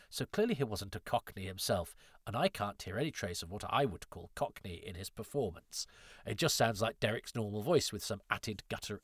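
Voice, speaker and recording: A man's voice: lowish voice, fairly bright tone, no room sound, studio quality. A man hosting a podcast, reading listener letters in a chatty, wry way that often breaks off and restarts. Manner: chatty, self-interrupting, wry. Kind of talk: casual chat.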